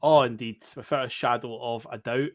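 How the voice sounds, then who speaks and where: A man's voice: mid-range voice, steady tone, moderate pace, no echo, clean studio sound. A Scottish man hosting a football podcast, chatty and upbeat, often laughing. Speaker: podcast host. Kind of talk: casual football podcast chat.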